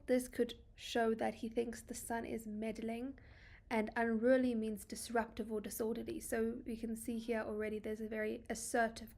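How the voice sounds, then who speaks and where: South African woman tutor, gravelly voice. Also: fairly high pitch, darkish tone. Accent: South African English. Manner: explains lines by paraphrasing them casually, with many ums and likes. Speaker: English literature tutor. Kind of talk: poetry analysis lesson.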